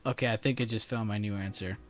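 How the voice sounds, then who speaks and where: A young man talks casually on a live stream, relaxed and slangy, often breaking into laughter. His voice sits a little on the low side. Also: quick pace. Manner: laid-back, laughing, slangy. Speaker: trading livestream host. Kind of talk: casual chat on a livestream.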